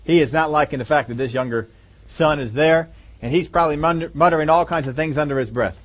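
A man's voice: on the high side, fairly quick. A man preaching a sermon in a conversational way, asking the listeners rhetorical questions. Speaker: pastor.

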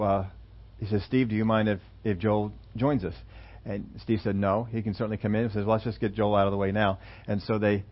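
A preacher telling an illustration story in a sermon, halting at times with fillers and restarts. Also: male voice, lowish voice, lo-fi sound.

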